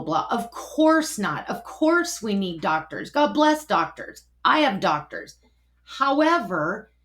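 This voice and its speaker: A middle-aged woman telling a personal story, animated and acting out both sides of each conversation. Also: mid-range voice.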